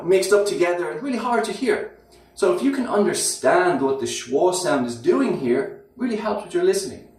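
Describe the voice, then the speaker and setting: A man teaching English pronunciation, who repeats words and phrases slowly to demonstrate how they sound. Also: high-pitched. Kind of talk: slow, deliberate teaching. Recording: very echoey room, somewhat far from the mic.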